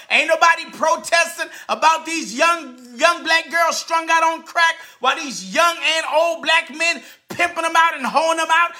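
A man, a radio host delivering an indignant, repetitive commentary rant and often shouting. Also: very high voice.

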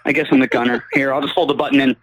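A man's voice: mid-range voice, rapid-fire, no echo, lo-fi sound. A young man calling in to a podcast, venting and telling stories, acting out the people in them and swearing freely. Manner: animated storyteller, acts out voices; swears, vents. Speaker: call-in guest. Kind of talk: casual ranting chat. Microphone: phone or remote call.

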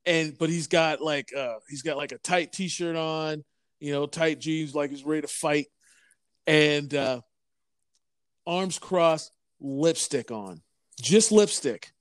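A man's voice: fairly high pitch, slow, no room sound, studio quality. A man chatting casually, rambling with many fillers as he tells a story. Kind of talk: casual chat.

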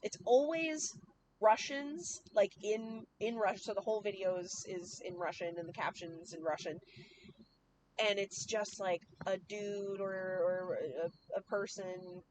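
A woman's voice: mid-range voice, steady tone. Female podcast guest, mid-range voice, loose chatty delivery that laughs easily; faint ambient noise. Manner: chatty, quick to laugh, trails off mid-sentence. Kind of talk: casual chat.

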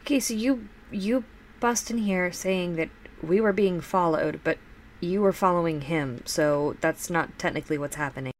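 A young woman playing a tabletop game over a voice call, quick and teasing. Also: fairly low pitch. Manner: quick, teasing, laughing often. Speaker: player. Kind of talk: casual tabletop play over voice chat. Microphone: computer mic on a voice call.

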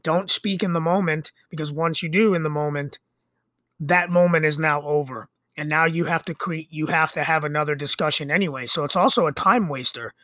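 A man's voice: on the high side, brisk, pushed and bright, no echo, studio quality. A middle-aged man hosting a podcast, talking in a rambling, conversational monologue full of fillers and restarts. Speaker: podcast host. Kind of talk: casual monologue.

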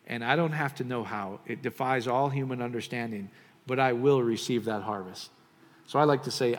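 A man's voice: medium pitch, normal speed. Guy preaching a sermon, easygoing and jokey, echoing church hall. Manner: animated, joking, then softer and prayerful. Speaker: pastor. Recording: reverberant hall.

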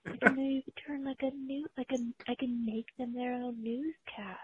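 A woman caller leaving a recorded question, talking slowly in a sultry, drawn-out way. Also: high voice, steady tone, a crowd in the background. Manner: slow, breathy, sultry delivery with drawn-out pauses. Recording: tinny phone-line recording.

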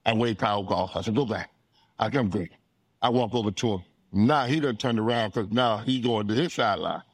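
Casual: middle-aged guy from florida telling stories loud and lively, acts out the back-and-forth, laughs a lot, dry close sound. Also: lowish voice, fairly quick, no room sound. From Florida, USA. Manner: animated, acts out dialogue, laughs often. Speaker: interview guest, retired football player. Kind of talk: casual storytelling.

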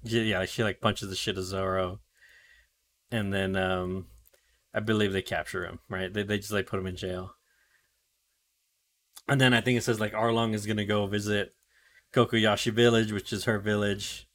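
A man's voice: lowish voice, level tone, moderate pace, long pauses, a bit bright. A man co-hosting a podcast, retelling anime episodes in loose casual chat full of fillers, swearing and acted-out character lines. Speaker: podcast co-host recapping anime.

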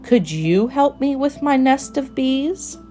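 A woman's voice: sits high, lively intonation, slow pace, warm tone, soft background music, pitched above the performer's own voice. A woman voicing a fussy, very particular little female mouse, prim and proper in manner. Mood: polite.

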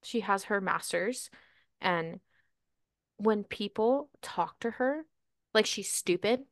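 A woman co-hosting a casual podcast chat, talking in a chatty, animated way with frequent "like"s. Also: medium pitch, slow pace, no room sound, studio quality. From Latina, grew up bilingual in Spanish and English. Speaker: podcast co-host.

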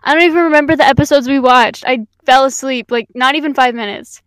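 A woman's voice: sits high, fast, clear, resonant tone, dry recording. A young woman co-hosting a podcast in casual chat, giggly and rambling, with frequent "um"s. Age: young adult. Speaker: podcast co-host.

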